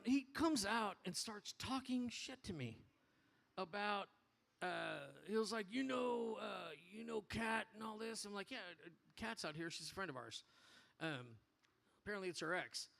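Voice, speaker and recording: A man addressing his motorcycle club in a bar, telling an animated, profane story in casual speech. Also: a little high.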